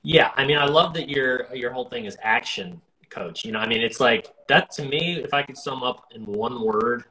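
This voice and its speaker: American male host, bright forward tone, chatty, loose, rambling. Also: medium pitch, normal speed, few pauses, poor audio. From United States. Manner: rambling, many fillers and restarts, friendly. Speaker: podcast host. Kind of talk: casual interview chat.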